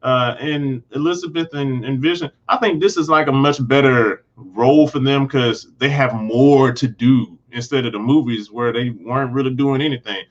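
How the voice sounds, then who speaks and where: A man's voice: medium pitch, normal speed, few pauses, muffled recording. Rambling man recapping a TV episode. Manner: rambling, full of fillers like "you know" and "like"; acts out characters' lines in a loose, slangy way. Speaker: film and TV reviewer. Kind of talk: casual episode recap and review.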